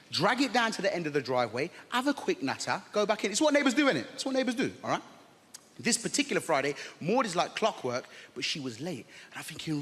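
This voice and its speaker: A man's voice: a little high, fairly bright tone. A man doing a live stand-up routine in a theatre, telling a story with lots of "all right?" to the crowd. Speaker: stand-up comedian. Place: large theatre stage. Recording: reverberant hall, faint audience.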